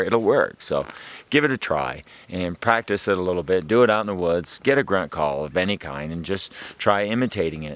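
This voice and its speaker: Deep-voiced hunting guy rambling casually about deer calls, laughs a lot. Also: a bit bright. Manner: rambling, chatty, laughs often. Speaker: hunting video host. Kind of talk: casual instructional talk.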